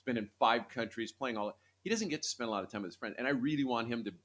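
A middle-aged man co-hosting a casual chat, telling family stories in an animated way and often restarting his sentences. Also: mid-range voice, fast. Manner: animated, repeats himself when telling stories. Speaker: podcast co-host.

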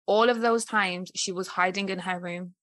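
A woman's voice: mid-range voice, fairly even intonation, moderate pace, a bit bright, no echo. A woman hosting a podcast, talking reflectively and personally in casual conversation. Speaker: podcast host.

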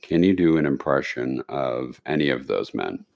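A man's voice: rumbling low, moderate pace, creaky. A man co-hosting a podcast, talking in a playful, jokey casual chat. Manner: playful, jokey, lively delivery. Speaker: podcast co-host.

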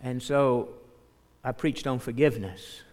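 A man's voice: medium pitch, unhurried, a little mellow. A man preaching a sermon as pastor, speaking earnestly and reading scripture aloud. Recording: long hall reverb.

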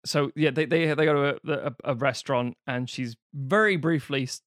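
A man, recapping a film on a podcast in a casual, sweary, mocking way, putting on quick voices for the characters. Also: medium pitch, a bit bright, no room sound, studio quality. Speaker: podcast co-host.

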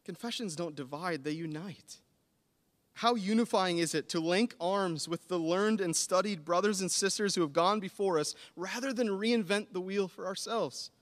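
A man in his thirties preaching a sermon, earnest and building to animated emphasis. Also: high-pitched, normal speed. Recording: long hall reverb.

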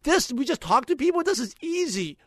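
Rapid-fire high-voiced motivational man. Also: no room sound, clean studio sound. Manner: energetic, motivational, talks fast when passionate. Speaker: podcast host. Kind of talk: enthusiastic podcast recap.

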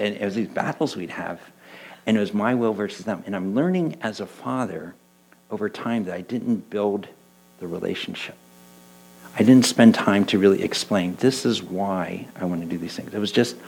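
A middle-aged man and church elder preaching a conversational sermon, telling stories with lively quoted voices. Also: fairly low pitch, moderate pace, vocal fry, husky, low-quality recording. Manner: animated storytelling, voicing quoted people. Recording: mains hum in the background.

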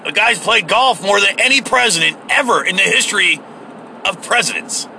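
A man's voice: high voice, lively intonation, moderate pace, gravelly, sharp tone, a little hiss or hum, low-quality recording. A man giving a heated, profane, sarcastic political rant, recorded in a car. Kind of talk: ranting political monologue.

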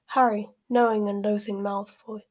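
A woman's voice: mid-range voice, little pitch movement, normal speed. A woman reading a novel aloud who stumbles over words and corrects herself. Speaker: reader.

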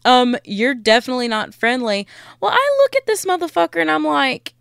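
A young woman telling a story on her podcast in a casual, blunt rant full of swearing. Her voice is smooth and clear, recorded close and dry with no room sound. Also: sits high, a little fast, no room sound. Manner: blunt, profane, animated venting. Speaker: podcast host.

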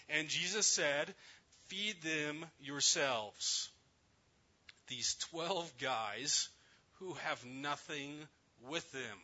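A man preaches a sermon, telling the story with emphasis and sometimes sinking to a hushed near-whisper. His voice is bright and a little high, with a husky edge. The recording is dull and lo-fi. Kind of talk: sermon on a scripture passage.

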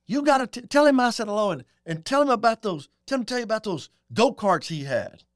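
A man imitating a jovial, effusive male singer who gushes loudly. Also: big pitch swings, quick pace, no room sound, studio quality. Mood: excited. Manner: gushing, loud and high.

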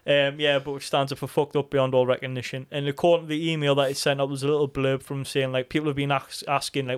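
A man co-hosting a podcast in casual chat, animated, swearing freely and laughing often. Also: mid-range voice, fast, hardly any pauses, clean tone. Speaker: podcast co-host.

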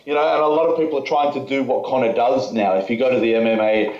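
A man's voice: mid-range voice, fairly even intonation, fast, a little mellow. A man speaking frankly as a podcast guest, rambling with fillers and restarts. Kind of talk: casual conversation. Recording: echoey, slightly dull audio.

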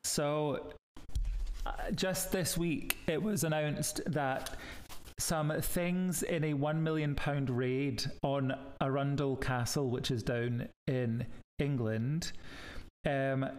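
A Scottish man co-hosting a podcast in relaxed, chatty talk, full of teasing jokes and asides. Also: mid-range voice. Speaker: podcast co-host. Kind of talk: casual chat.

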